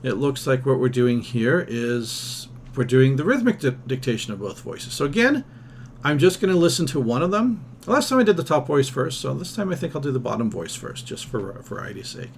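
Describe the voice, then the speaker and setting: A man's voice: medium pitch, sing-song, normal speed, creaky, a little hiss or hum. A man teaching a music theory lesson, thinking aloud and singing solfège and scat syllables to demonstrate, with casual, self-deprecating asides. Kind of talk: recorded ear-training lesson.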